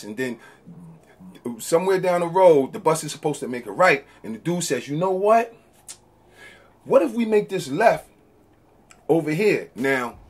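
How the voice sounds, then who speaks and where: Husky man telling a relationship parable. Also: medium pitch. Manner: conversational, acts out quoted lines, frequent "okay?" check-ins. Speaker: relationship talk host. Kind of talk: casual storytelling monologue.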